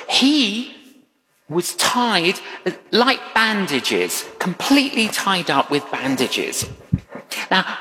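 Animated male preacher in a reverberant hall. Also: fairly high pitch. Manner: animated storytelling with acted-out quotes. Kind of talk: sermon.

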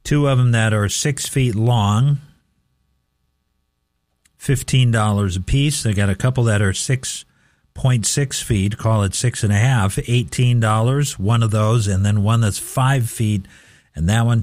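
A man's voice: medium pitch, darkish tone, dry recording, clean studio sound. A man hosting a casual radio swap shop, reading listings and repeating phone numbers carefully.

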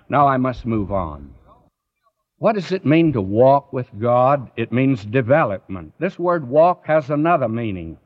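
A man preaches slowly and earnestly, his pitch rising and falling widely as he presses direct questions on his listeners. The recording is dull and lo-fi. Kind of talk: sermon.

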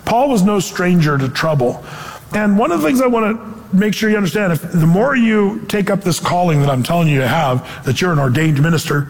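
A man preaching a sermon as pastor, animated and acting out the voices he quotes. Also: high-pitched, brisk, long reverb tail.

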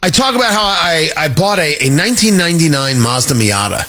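A man's voice: a little high, big pitch swings, fairly quick, sharp tone. A middle-aged man hosting a talk radio show, delivering an emphatic, opinionated monologue with joking asides into a studio microphone.

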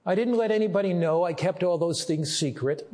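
A male pastor retelling the words of a despairing young woman on the phone, in a low, subdued, pleading voice. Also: brisk, darkish tone, close to an everyday voice.

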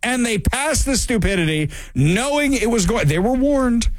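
A man's voice: very high-pitched, expressive, moderate pace, no room sound. A man giving sarcastic, mocking political commentary, reading news excerpts aloud and ridiculing them.

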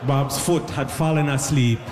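A man's voice: mid-range voice, fairly even intonation, a little slow, long reverb tail, noisy background. A man doing a stand-up comedy set on a live stage, talking in a loose conversational way and slipping into acted-out voices.

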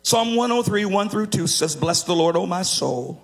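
A man's voice: high voice, animated, normal speed, faint music behind. A man preaching a sermon, emphatic and sometimes lifting his lines into a half-sung cadence.

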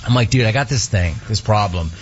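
A man hosting a radio show, telling an exasperated story in a casual, animated way and acting out what people said. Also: on the low side, fairly quick, lo-fi sound, faint music behind. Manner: animated, exasperated retelling with quoted voices.

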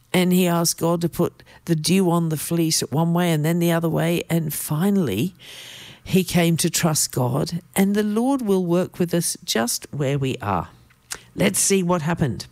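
Low-voiced woman preacher, lively delivery. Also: no echo. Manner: lively, emphatic storytelling with asides. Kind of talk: sermon with Bible reading.

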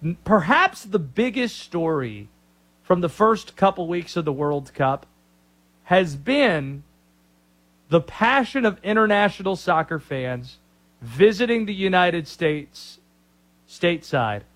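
A man's voice: sits high, very animated, slow pace, fairly bright tone. A man hosting a sports talk radio show, opinionated and joking.

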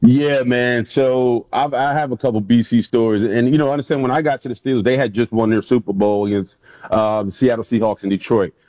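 A man, a former pro football player, recounts locker-room stories as an interview guest. His voice is mellow and dark, with a dry, dull lo-fi sound. He tells them with energy and acts out what others said. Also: mid-range voice, a little fast, no echo. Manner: animated storyteller, acts out quotes. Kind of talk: casual interview storytelling.

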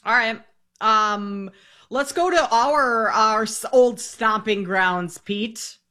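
A host from Minnesota with a Minnesota accent, running a sports radio show and briskly reading out football win totals for the co-host. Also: mid-range voice, pushed and bright. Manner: brisk, sets up each topic for the co-host. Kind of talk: sports betting talk on air.

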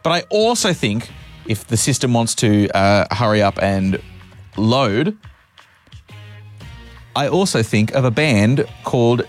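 A man's voice: mid-range voice, very animated, slow, pauses often. Aussie radio guy yakking away, laughing at himself, faint music under him. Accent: Australian. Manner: chatty, self-mocking storyteller. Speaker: radio host. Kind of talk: casual radio chat.

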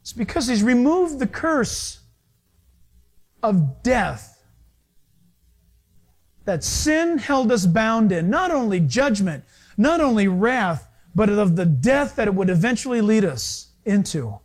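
A male pastor preaching a sermon, animated, acting out little dialogues as he goes. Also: high voice, slow, long pauses.

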